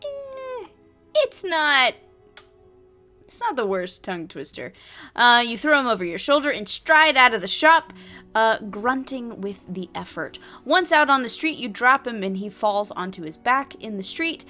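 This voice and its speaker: A woman's voice: on the high side, big pitch swings, a little slow, pushed and bright, soft background music. A woman reading and playing through a solo tabletop adventure, with chatty asides and many fillers. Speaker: solo game player and narrator.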